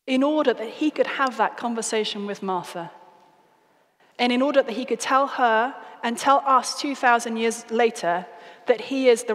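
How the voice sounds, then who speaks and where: A British woman giving an evangelistic talk, telling stories in an earnest, expressive way. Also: fairly high pitch. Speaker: guest speaker. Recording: reverberant hall.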